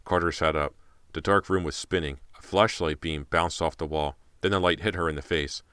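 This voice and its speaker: A man's voice: extremely low pitch, steady tone, normal speed, a bit bright, clear, resonant tone, dry recording, studio quality. A man narrating an audiobook in a tense, dramatic way. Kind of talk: scripted narration.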